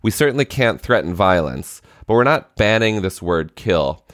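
A man in his thirties co-hosting a chatty podcast, telling a story thoughtfully with frequent pauses and restarts. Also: on the low side, sing-song, fairly bright tone, no room sound, clean studio sound. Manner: reflective storytelling with many hesitations. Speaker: podcast co-host. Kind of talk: casual chat.

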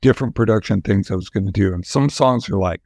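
A man's voice: fairly low pitch, fast, creaky, a little mellow, dry recording, clean studio sound. An older man, a musician guest, telling long candid stories in a casual interview, rambling with restarts.

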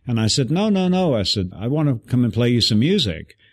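A man guest telling an animated story in an interview, acting out the voices of people he quotes. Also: medium pitch, fairly quick, husky.

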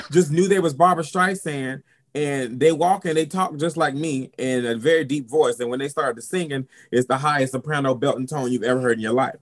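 Sassy southern guy from south carolina, drag queen talking about growing up, lots of honey and girl. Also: fairly high pitch. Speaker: drag performer, interview guest. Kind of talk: candid storytelling interview.

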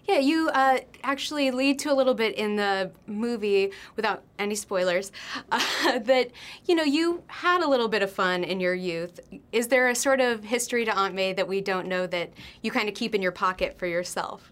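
A woman's voice: medium pitch, normal speed, fairly bright tone. A woman hosting an entertainment press interview, enthusiastic and bubbly. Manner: enthusiastic and bubbly, laughs often. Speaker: host.

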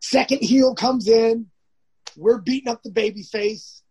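A man's voice: very high voice, measured pace, darkish tone, slightly rough, muffled recording. A man, a professional wrestler as a guest, telling stories casually. He rambles, restarts often and acts out the lines of others. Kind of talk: casual storytelling.

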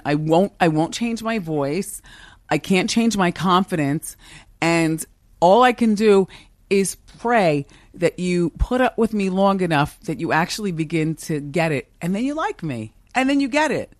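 Brief: woman, 50s, big commanding voice on the lower side, animated and emphatic, dry close podcast sound. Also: no echo. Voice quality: strong, commanding voice. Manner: animated, emphatic, laughs often. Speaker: talk show host as podcast guest. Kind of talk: candid interview conversation. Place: office with a kitchen upstairs.

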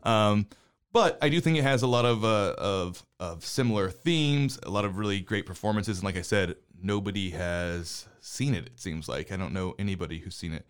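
A man's voice: on the low side, moderate pace, clear, resonant tone. A man in his forties co-hosting a casual movie podcast, teasing with dry sarcasm. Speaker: podcast co-host.

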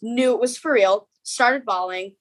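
A young woman, a podcast guest, telling a story in a rapid, emotional way, with many ums and quoted dialogue. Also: on the high side, rough recording.

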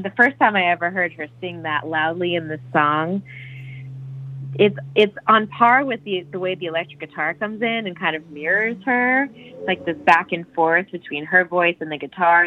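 A woman's voice: fairly low pitch, bright, forceful tone. A woman on a podcast, chatting casually and enthusiastically about a song, full of restarts and fillers. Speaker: podcast co-host discussing a song. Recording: dull lo-fi podcast audio.

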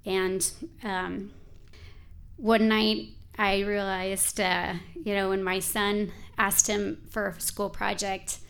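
A woman's voice: mid-range voice, level tone, slow, a bit bright, smooth. A woman in her forties telling a personal story in a candid, conversational way, with frequent filler words.

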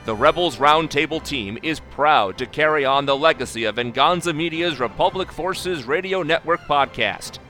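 A man reading a podcast's closing credits as a scripted announcement, in a steady, clear delivery. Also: a little high.

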